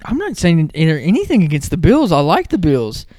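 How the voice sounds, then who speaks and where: A man co-hosting a sports podcast, skeptical and quick to laugh in casual banter. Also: on the high side, no echo, clean studio sound. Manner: skeptical, animated, laughs easily. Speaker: podcast co-host.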